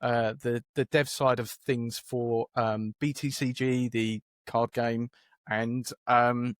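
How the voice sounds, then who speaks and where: A man's voice: mid-range voice, flat delivery, takes it slowly, dry recording, studio quality. A man, a game developer guest talking in a casual podcast interview, hesitant and self-deprecating with lots of fillers.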